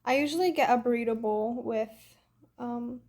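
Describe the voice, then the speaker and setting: Young woman, high voice, congested, breezy livestream chat, phone mic. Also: moderate pace, darkish tone. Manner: chatty, breezy, lots of "like" and "literally". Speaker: livestream host reading fan comments.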